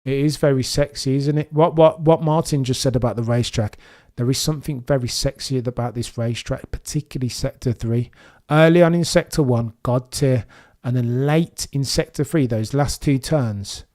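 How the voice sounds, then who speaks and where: Brummie guy streaming a watchalong, mild accent, chatty and excitable, talks right to chat. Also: medium pitch, moderate pace, hardly any pauses. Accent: mild Birmingham English. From Birmingham, England. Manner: excitable and chatty, talks straight to his viewers. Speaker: streamer hosting a live watchalong. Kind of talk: live streaming commentary chat.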